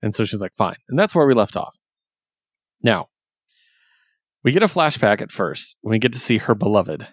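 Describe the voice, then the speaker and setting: A man casually recapping a story, chatty and laughing often, quoting characters in quick voices. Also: on the low side, sing-song, no echo, clean studio sound. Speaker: comic book reviewer. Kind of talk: casual chat.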